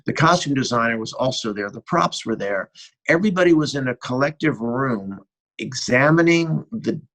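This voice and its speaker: A middle-aged American man, a guest cinematographer, tells animated behind-the-scenes stories in a casual interview and acts out bits of dialogue. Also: medium pitch, rough recording. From United States. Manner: animated anecdotal storyteller who acts out dialogue.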